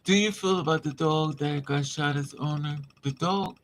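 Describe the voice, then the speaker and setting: A man's voice: on the high side, moderate pace, slight background noise. A man livestreaming, telling a candid personal story in an emphatic, casual way and calling his listeners honey and child. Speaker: livestream host.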